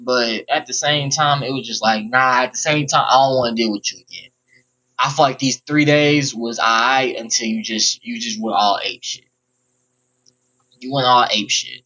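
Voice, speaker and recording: A man's voice: mid-range voice, steady tone, moderate pace, bright, forceful tone, muffled recording. A young man rambling bluntly and profanely through a personal storytime vlog. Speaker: vlogger. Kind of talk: casual storytime monologue.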